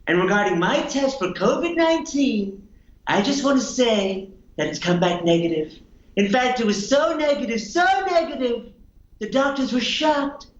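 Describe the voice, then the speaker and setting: A man's voice: high voice, lively intonation, reverberant, lo-fi sound. A man impersonating a bragging older president. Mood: boastful. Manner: bragging, repetitive, drawn-out delivery. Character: brash boastful older male president.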